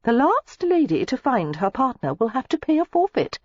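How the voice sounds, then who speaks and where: A woman's voice: high-pitched, sing-song, moderate pace, slightly rough, dull audio, voice pushed up, exaggerated voice. A woman voicing a cheerful, genteel aristocratic hostess in an audiobook. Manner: gay and genteel. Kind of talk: audiobook character voice.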